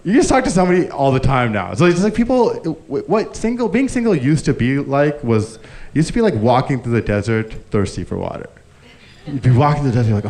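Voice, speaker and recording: Performing stand-up live, a man with a medium-pitched voice talks fairly quickly while the audience laughs in the background. Having grown up Indian, he spins stories and acts out each character with animation.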